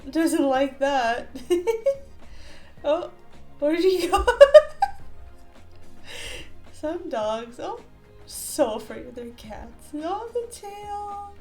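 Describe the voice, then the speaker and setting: A woman's voice: high voice, a little mellow. A woman hosting a reaction video, exclaiming, laughing and cooing at funny animal clips in casual commentary. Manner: exclaims often, laughs a lot, coos at animals.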